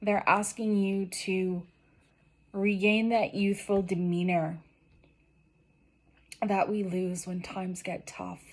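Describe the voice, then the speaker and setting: An emotional woman giving a tarot reading, talking earnestly and encouragingly to her viewers. She is near tears and her voice is wearing thin. Her pitch sits in the middle range for a woman. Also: level tone, slow pace, long pauses, a little mellow. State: tearful, losing her voice. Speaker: tarot reader. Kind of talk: general tarot reading to camera.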